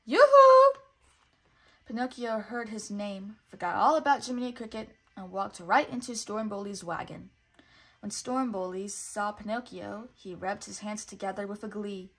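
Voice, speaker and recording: A woman, a teacher, reading a children's storybook aloud in a clear, expressive way. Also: mid-range voice, normal speed. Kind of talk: storybook read-aloud narration.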